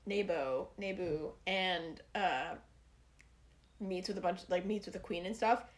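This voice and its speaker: A woman co-hosting a podcast in casual chat, rambling and animated with lots of fillers, recorded over the phone. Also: fairly low pitch, a little slow. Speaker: podcast co-host. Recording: phone call audio.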